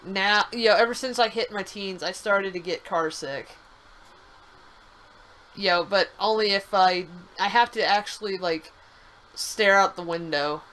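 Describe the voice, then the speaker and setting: A woman's voice: medium pitch, measured pace, a bit bright, poor audio. A woman co-hosting a game stream, chatting casually with her partner and swearing now and then. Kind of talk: casual gameplay chat.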